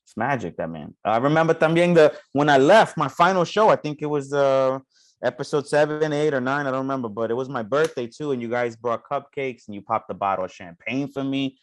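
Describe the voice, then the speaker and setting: A man's voice: mid-range voice, lively intonation, fairly quick. A man, a former co-host telling laid-back stories and swearing freely in a casual podcast chat. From New York.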